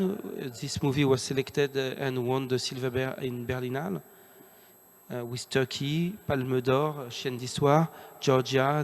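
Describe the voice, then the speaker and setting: A man speaks from a stage as a producer, listing things with frequent fillers. His delivery is flat and even, and a long hall reverb carries his voice. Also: medium pitch. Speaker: film producer. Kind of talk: stage presentation.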